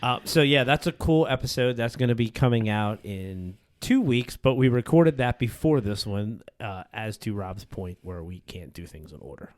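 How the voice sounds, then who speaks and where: A middle-aged man co-hosting a podcast in casual chat, laughing a lot and quick to agree. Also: on the low side. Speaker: podcast co-host.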